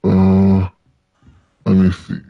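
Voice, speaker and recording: Male gamer, deep and unhurried, joking commentary, dry muffled lo-fi mic. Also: monotone, vocal fry, dry recording. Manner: joking, laughs at himself. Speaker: let's play gamer. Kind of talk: casual gameplay commentary.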